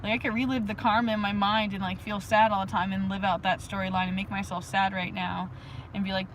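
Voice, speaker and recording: A woman's voice: mid-range voice, flat delivery, a little fast, slight background noise, rough recording. A young adult woman hosting a livestream, rambling casually about spirituality with frequent giggles and bursts of chanting. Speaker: livestream host.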